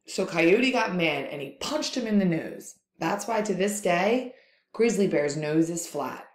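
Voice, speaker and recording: Lively storytelling woman in an echoey room. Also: lowish voice, unhurried. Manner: expressive, lively read-aloud. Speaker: teacher. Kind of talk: storytelling for a lesson.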